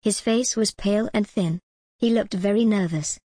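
A woman's voice: mid-range voice, normal speed, dark tone, no echo. Woman narrating a storybook, dry sound.

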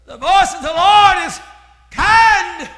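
A man's voice: very high-pitched, bright, forceful tone, slight background noise. A man, preaching a sermon in a hollering, chanted style. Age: 60s. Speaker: pastor. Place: church. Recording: echoey church with congregation.

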